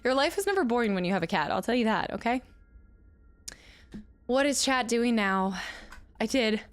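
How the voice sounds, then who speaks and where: A woman streaming a game, chatting casually with her viewers, laughing often and shouting during fights. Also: a little high, expressive, moderate pace. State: out of breath. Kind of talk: casual live-stream gameplay chat.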